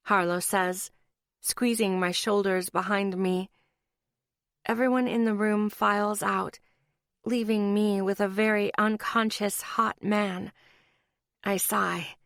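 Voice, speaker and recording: A woman's voice: medium pitch, little pitch movement, slow, fairly bright tone, dry recording, studio quality. A woman narrating a romance audiobook in the first person, intimate and emotional.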